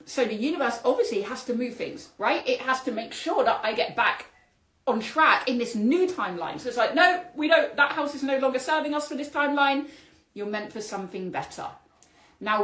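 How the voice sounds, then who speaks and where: A woman with a slightly high voice hosts a solo podcast, telling her story with bursts of exclamation and spiritual talk. The recording carries a noticeable roomy echo. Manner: animated, exclamatory, spiritual vocabulary. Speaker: podcast host.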